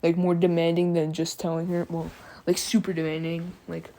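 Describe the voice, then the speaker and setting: A woman's voice: fairly low pitch, completely flat delivery, moderate pace, warm tone. A sleepy woman telling a fan story in a casual, slangy, drawling way with many fillers.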